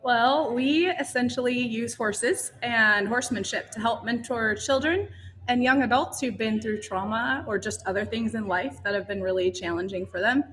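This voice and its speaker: A woman guest on a podcast, telling her story in a casual, animated way with some laughs. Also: on the high side, normal speed. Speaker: podcast guest, ranch founder.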